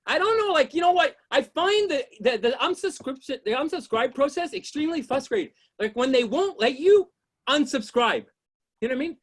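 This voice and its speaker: High-pitched man shouting exasperated punchlines. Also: sing-song, brisk. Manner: keeps asking "you know what I mean?". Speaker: stand-up comedian. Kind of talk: stand-up comedy set.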